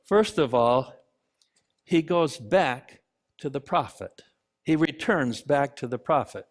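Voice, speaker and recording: A man preaching a sermon in a church, slow and deliberate, pausing for emphasis. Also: mid-range voice, expressive. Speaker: pastor. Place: church sanctuary.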